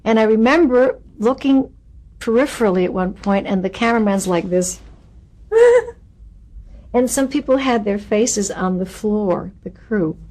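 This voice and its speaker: Animated woman telling stage stories. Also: medium pitch, moderate pace. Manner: animated, expressive storyteller who acts out quotes. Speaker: actress interviewee. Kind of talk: recounting anecdotes in an interview.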